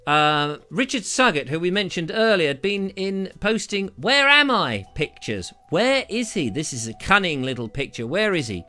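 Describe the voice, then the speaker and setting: A man's voice: fairly high pitch, expressive, normal speed, hardly any pauses, pushed and bright. A British man hosting a live stream, chatting in a jokey, rambling way as he reads out viewer comments on a lavalier mic. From Britain. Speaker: host of a live show.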